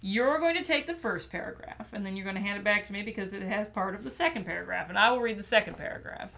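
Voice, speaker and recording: A woman's voice: mid-range voice, fast, gravelly, fairly bright tone, a little hiss or hum. A woman hosting a podcast, chatting playfully and casually about children's books. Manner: chatty and playful, with many fillers. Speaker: podcast host.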